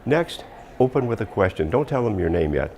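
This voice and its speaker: Male communication coach, very low and gravelly, emphatic, firm downward endings, faint hiss behind. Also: very animated, a little fast, a little mellow. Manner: emphatic, drops pitch firmly on endings. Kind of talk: instructional talk.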